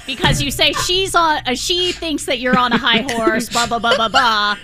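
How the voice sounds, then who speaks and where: A woman with a high, bright voice co-hosts a radio talk show. She cuts in with pointed questions and teasing jabs, and she sounds sharp and quick. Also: steady tone. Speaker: radio co-host.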